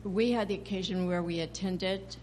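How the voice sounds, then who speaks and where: A woman from the congregation asks the priest a question, speaking in a measured, hesitant way with pauses. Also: medium pitch, steady tone, darkish tone, slight background noise. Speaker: parishioner asking a question. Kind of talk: casual question.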